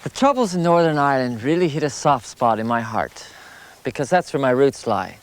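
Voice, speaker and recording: A man recounting his walking travels as a lively anecdote, his voice climbing high at the funny moments. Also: a little fast. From United States. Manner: animated, rising sharply at the funny parts. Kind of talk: anecdotal storytelling.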